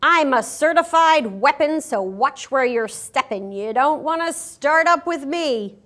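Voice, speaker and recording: A woman's voice: sits high, animated, a little slow, fairly bright tone, pitched above the performer's own voice. A woman voicing a tough, cocky young female ninja pig in a storybook reading, making boastful warnings.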